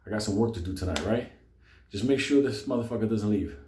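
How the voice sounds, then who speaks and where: A man voicing a tough man who gives quick, curt orders in a low voice. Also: warm tone, echoey room, slight background noise, close to an everyday voice. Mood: curt commanding.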